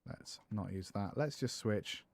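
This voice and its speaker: A man's voice: lowish voice, a little slow, creaky, background noise. A man talking casually on a livestream while writing a song, self-amused and joking dryly about his own lyrics. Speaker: streamer and guitarist. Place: home music studio.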